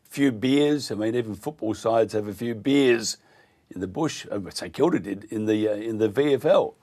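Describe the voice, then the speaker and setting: An Australian man hosting talk radio, indignant and halting, with many fillers. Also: fairly low pitch, mellow. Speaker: radio host.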